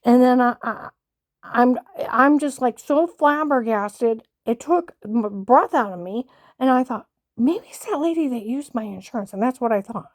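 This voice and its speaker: A woman's voice: on the high side, expressive, normal speed, a little mellow, no echo, studio quality. A woman delivering an agitated, rambling personal monologue, indignant and aggrieved.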